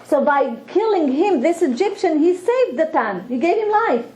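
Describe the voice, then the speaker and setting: A woman teaching a Torah lesson, explaining slowly and earnestly with many restarts and repeated words. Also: extremely high pitch, very animated, a little mellow, low-quality recording. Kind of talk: religious lesson with storytelling.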